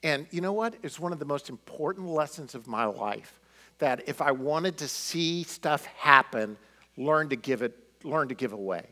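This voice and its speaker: A middle-aged man telling personal stories in a conversational sermon, animated and full of fillers. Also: fairly high pitch, normal speed. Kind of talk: sermon storytelling.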